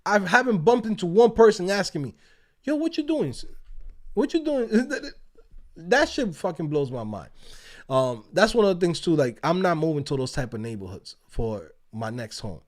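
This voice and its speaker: A man hosts a casual livestream from outdoors. His speech is animated and full of profanity and quick laughs. His pitch jumps high when he acts out other people. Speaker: livestream host.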